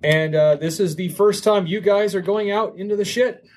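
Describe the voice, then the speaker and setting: A man's voice: high voice, normal speed, a little mellow. A man narrating as game master of a tabletop game, talking with many fillers and restarts.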